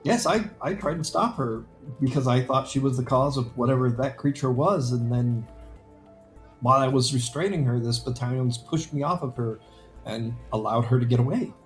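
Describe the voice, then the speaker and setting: A man's voice: mid-range voice, normal speed, soft background music. Man playing a tabletop character. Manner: casual, in character. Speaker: player.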